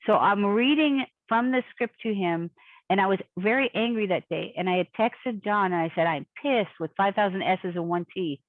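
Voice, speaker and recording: A woman telling a long personal story in casual conversation, animated and acting out the voices of the people in it, heard over a video call. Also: mid-range voice, moderate pace, no echo. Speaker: guest. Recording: tinny phone-like call audio, dry.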